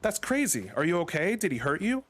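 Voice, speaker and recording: A man voicing a sassy young woman out clubbing, in a high, gushing voice. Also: expressive, a little fast, a bit bright, soft background music, lightly acted.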